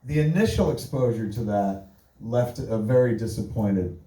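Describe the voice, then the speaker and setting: A man hosting a live podcast, telling profane, animated stories about his family to an audience. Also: fairly low pitch, moderate pace, slight background noise. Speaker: podcast host. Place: live stage before an audience. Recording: echoey live venue from far off.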